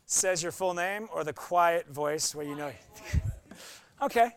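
A man's voice: on the high side, a little slow. A middle-aged man preaching a sermon in a playful way, acting out voices and quotes as he talks. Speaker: pastor.

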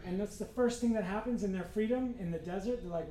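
A pastor delivers a church sermon loosely and conversationally, cracking jokes and acting out voices in the quotes. His voice is high-pitched, fast and mellow. There's slight background noise.

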